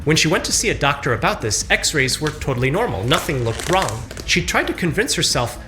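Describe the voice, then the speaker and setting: A man's voice: fairly high pitch, big pitch swings. Dramatic male narrator over music. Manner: measured, dramatic storytelling. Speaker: narrator of a medical case video. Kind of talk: scripted documentary narration. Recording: narration played from a video, with background music.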